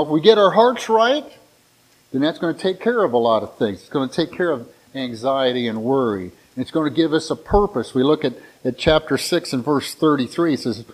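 A man's voice: medium pitch, poor audio. A middle-aged man preaching a sermon in a conversational, folksy way, often restarting his words. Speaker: pastor.

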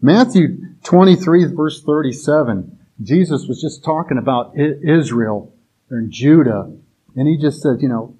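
A man's voice: a little high, unhurried, mellow, breathy edge, low-quality recording. A man giving an informal sermon in a conversational way, often restarting his sentences and adding filler phrases. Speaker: preacher.

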